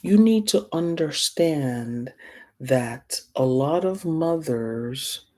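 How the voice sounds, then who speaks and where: A woman's voice: low voice, expressive, extremely slow, dark tone. A middle-aged woman from Africa teaching a class, telling a personal story and acting out the voices of the people in it. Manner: storytelling, acts out quoted voices.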